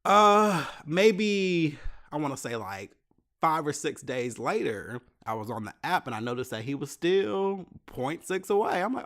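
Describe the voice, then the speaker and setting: A man's voice: a little high, normal speed. A man hosting a podcast, telling a frank, profane personal story in a casual monologue and acting out the dialogue as he goes. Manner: candid, profane, animated retelling with quoted dialogue. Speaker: podcast host.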